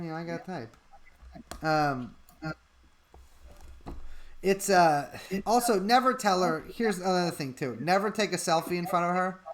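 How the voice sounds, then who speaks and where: Guy on a stream just rambling some ridiculous advice bit, dead serious about it. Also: fairly high pitch. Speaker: podcast co-host. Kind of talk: comedic live-stream chat.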